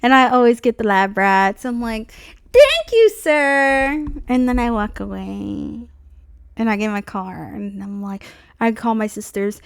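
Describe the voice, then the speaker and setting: A young woman streamer telling a dealership story in a casual, profane rant, acting out the people she quotes in loud high voices. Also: fairly even intonation, normal speed, gravelly, smooth, no echo, studio quality.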